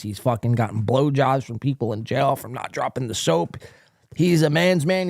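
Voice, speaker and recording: A man's voice: mid-range voice, a little mellow, no echo, studio quality. A male podcast host giving casual, profane, mocking commentary while reading out online posts. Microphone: desk mic, acting up.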